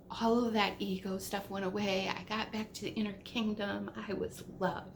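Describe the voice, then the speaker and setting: A middle-aged woman giving a casual spiritual talk, telling stories with animated swings between whispers and exclamations and swearing casually. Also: mid-range voice, moderate pace, vocal fry, slight background noise. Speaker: spiritual teacher. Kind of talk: casual spiritual teaching monologue.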